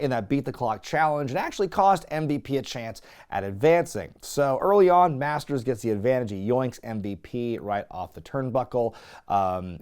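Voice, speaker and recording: A man hosting a comedic recap show, sarcastic and swearing freely, laughing often as he gets excited. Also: mid-range voice. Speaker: host.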